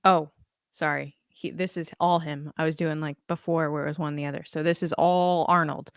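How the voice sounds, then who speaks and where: A woman's voice: lowish voice, fairly even intonation, moderate pace, fairly bright tone, clean tone, no echo, studio quality. A woman co-hosting a podcast in casual chat, reading out listener answers with a teasing, giggly manner. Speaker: podcast co-host.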